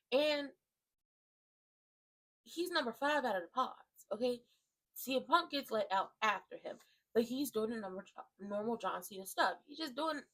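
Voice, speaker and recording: A woman with a fairly high voice rants in casual, slangy commentary. She is animated and emphatic and keeps turning to her viewers with asides as she retells the action. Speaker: wrestling commentary vlogger. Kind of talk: casual ranting recap.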